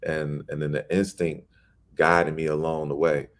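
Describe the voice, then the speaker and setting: A man's voice: a bass voice, little pitch movement, moderate pace. A middle-aged man from Chicago, a poet guest telling stories in a casual interview and animatedly acting out the people he quotes.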